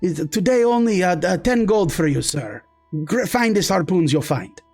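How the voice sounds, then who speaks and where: A man voicing a young male dock worker who stammers through a pushy sales pitch. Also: lively intonation, moderate pace, a little mellow, soft background music. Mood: nervous.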